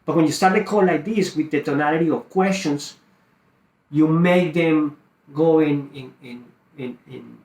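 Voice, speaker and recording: Animated man teaching a sales script. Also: a little high, measured pace, roomy sound. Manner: acts out both sides of a phone call, lively and emphatic. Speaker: real estate wholesaling coach.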